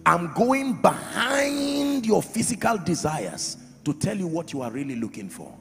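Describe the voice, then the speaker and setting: A man preaching a sermon as pastor, emphatic, swinging from loud shouts to quiet drops. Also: high-pitched, very animated, measured pace, vocal fry. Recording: reverberant hall with faint music.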